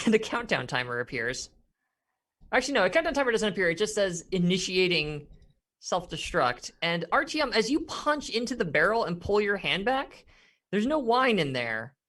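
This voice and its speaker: A man's voice: high-pitched, big pitch swings, brisk, bright, forceful tone. A man narrating as game master of a tabletop game, rambling with many fillers and frequent laughs.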